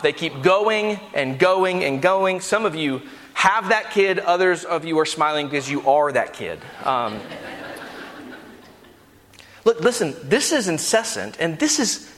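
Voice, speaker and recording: A pastor preaching a sermon with an impassioned delivery that rises to near-shouts. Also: male voice, fairly high pitch, sing-song, takes it slowly, big-room sound. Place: church sanctuary.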